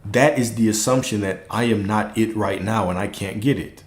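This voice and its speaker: A man giving a relaxed livestream spiritual talk as a coach, repeating points and checking in with rhetorical questions. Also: lowish voice, moderate pace. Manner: relaxed, repetitive, checks in with "okay?". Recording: roomy echo.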